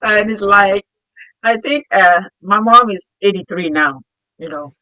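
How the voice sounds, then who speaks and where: A woman's voice: mid-range voice, unhurried, pushed and bright, no echo, poor audio. A middle-aged woman from Africa hosting a casual interview chat, playful and laughing, sometimes acting out the voices of people in her stories. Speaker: host.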